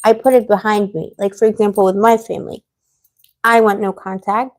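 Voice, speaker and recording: A woman's voice: mid-range voice, flat delivery, fairly quick. A woman hosting a tarot live stream, chatting casually with viewers, rambling and getting heated as she vents. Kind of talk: casual livestream chat answering viewers.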